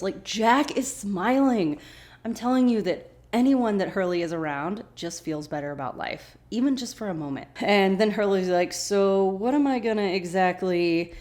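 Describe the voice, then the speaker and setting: A woman hosting a podcast, recapping a TV episode in a casual, chatty way. She talks with animation and acts out the characters' lines. Her voice sits at an ordinary middle pitch. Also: animated, unhurried, a little mellow. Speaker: podcast host.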